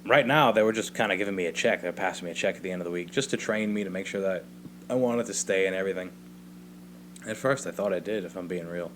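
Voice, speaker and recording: A man's voice: sits low, quick pace, fairly bright tone, slight background noise. A young adult man hosting a solo podcast, telling a rambling, profane comedic story in casual speech. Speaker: podcast host. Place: home basement.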